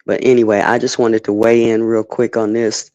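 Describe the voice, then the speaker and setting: Male streamer, lowish voice, heated and emphatic, profane, close dry mic. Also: level tone, moderate pace, a little mellow, no room sound. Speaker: streamer giving commentary. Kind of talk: unscripted livestream rant.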